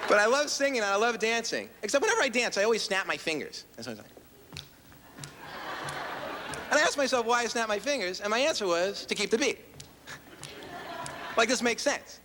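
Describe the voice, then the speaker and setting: A man performing a wry, deadpan stand-up routine in a TV studio with a live audience. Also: high-pitched, fairly quick, long pauses, big-room sound. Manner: deadpan, wry, drops into quoted voices. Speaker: stand-up comedian. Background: crowd laughter and noise.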